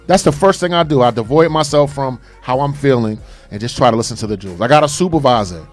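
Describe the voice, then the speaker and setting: A man's voice: medium pitch, fast, faint music behind. A man co-hosting a casual call-in radio talk show, speaking in an earnest, emphatic way. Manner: earnest, emphatic, says "brother". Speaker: co-host.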